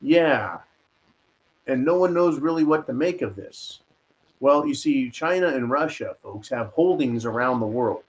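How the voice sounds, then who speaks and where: A man hosts a political commentary show and rants at the camera. He is indignant and sarcastic, and his voice sits at an ordinary middle pitch. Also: expressive, unhurried, low-quality recording. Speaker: host.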